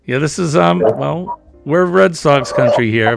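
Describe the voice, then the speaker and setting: A man with a Boston accent hosting a live stream, chatting casually in a relaxed, drawn-out way. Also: a little high, vocal fry, music in the background. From New England. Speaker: livestream host. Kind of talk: casual chat.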